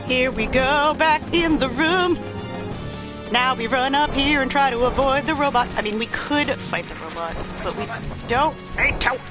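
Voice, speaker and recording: A young woman streamer chatting over her gameplay, playful and self-mocking. Her voice sits a bit high and swings widely. Game music plays clearly underneath. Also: lively intonation, moderate pace. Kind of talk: casual gameplay commentary.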